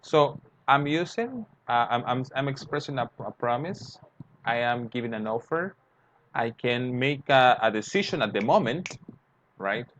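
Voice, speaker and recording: Slow, lively man teaching grammar. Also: medium pitch. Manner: slow, explanatory, acts out example dialogues. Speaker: English teacher. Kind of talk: grammar lesson. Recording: dull lo-fi sound, faint noise.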